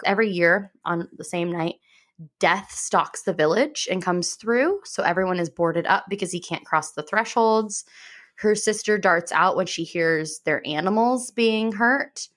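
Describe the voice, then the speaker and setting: A woman co-hosting a podcast, chatting casually and reading a book description aloud before explaining it in her own words. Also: medium pitch. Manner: relaxed, conversational, reads aloud then explains. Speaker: podcast co-host.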